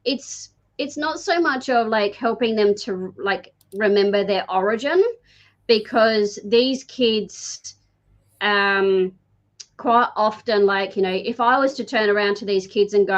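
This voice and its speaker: A woman healer, a guest on the show, telling stories in a chatty, animated way full of fillers. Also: mid-range voice, measured pace. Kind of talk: casual conversational storytelling. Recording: dull lo-fi audio.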